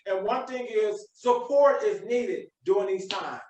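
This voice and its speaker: A man's voice: sits high, a little slow, darkish tone, far from the mic. A man hosting a podcast, giving a preachy motivational talk with emphatic repetition. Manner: preachy, emphatic, repeats himself. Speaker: podcast host. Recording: echoey room, away from mic.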